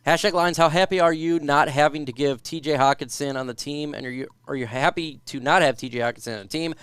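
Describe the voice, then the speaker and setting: Man reading fan questions, crisp dry voice. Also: a little high, fast talker, fairly bright tone, no echo. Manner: reads viewer questions aloud then answers. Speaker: podcast host reading live chat. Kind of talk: casual sports talk.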